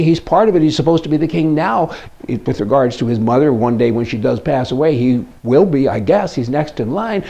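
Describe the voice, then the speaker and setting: A man's voice: medium pitch, vocal fry, mellow. An older man hosting casual political commentary in a folksy, blunt and sarcastic way. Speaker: commentary host.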